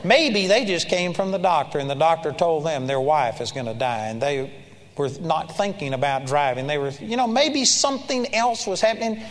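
A man's voice: on the high side, lively intonation, moderate pace, big-room sound. A man preaching a sermon, telling a story in an earnest, exhorting manner.

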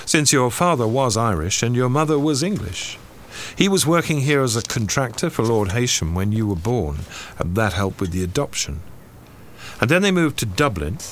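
An actor playing a priest who questions a suspect in a measured, probing, sardonic way. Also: male voice, mid-range voice, a little hiss or hum, natural voice. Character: shrewd male priest interrogating a suspect. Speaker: priest investigator.

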